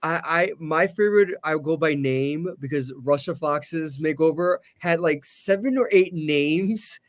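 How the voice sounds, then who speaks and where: A man's voice: on the high side, unhurried, dry recording, clean studio sound. A man in casual podcast chat who gives enthusiastic, heartfelt comments.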